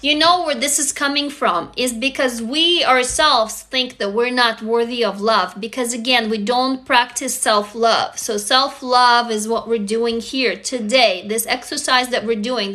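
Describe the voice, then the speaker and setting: A woman in her forties speaks on a casual live stream in a high, bright voice. She talks frankly and emphatically and swears freely. Between points she reads out and answers her viewers' comments. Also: fairly even intonation, unhurried, hardly any pauses. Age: 40s. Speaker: live stream host leading a writing group.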